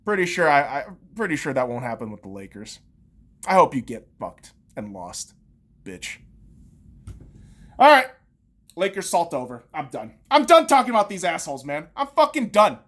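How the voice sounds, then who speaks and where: A woman's voice: low voice, big pitch swings, moderate pace, pauses often. A woman podcast host, in her thirties, on a heated and profane sports rant full of sarcastic jabs.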